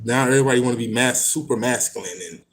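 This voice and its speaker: A man's voice: mid-range voice, steady tone, rapid-fire. A man reading passages from a book aloud and then riffing on them in blunt, slangy, profane casual talk. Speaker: host reading and commenting on an occult book.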